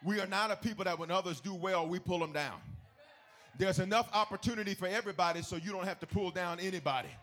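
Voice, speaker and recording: A man with a notably high voice preaches to his church. He calls out lines for the congregation to repeat and pushes into shouted, sung cadences. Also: fast. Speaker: pastor. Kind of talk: sermon. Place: church service.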